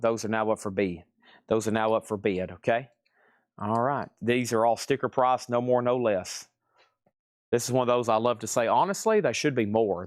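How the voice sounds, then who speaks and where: A worn-out man runs a live record sale, rambling and joking at his own expense. His voice sits at an ordinary middle pitch, and the sound is dry and close with no room echo. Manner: rambling, self-mocking, laughs often. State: tired and aching. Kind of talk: casual livestream selling chat.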